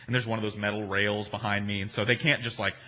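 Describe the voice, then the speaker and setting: Dude rambling thru a story, swears a lot, pokes fun at himself, bright voice. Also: male voice, lowish voice, level tone, quick pace. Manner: rambling, profane, self-mocking. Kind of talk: casual personal storytelling.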